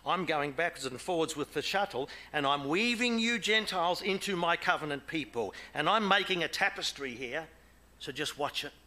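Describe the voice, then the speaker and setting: A man preaching a sermon with a bright, forceful voice. He puts questions to his listeners and swings between hushed, almost whispered lines and loud calls. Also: on the high side. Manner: animated, swings between soft near-whispers and loud exclamations; asks the congregation questions.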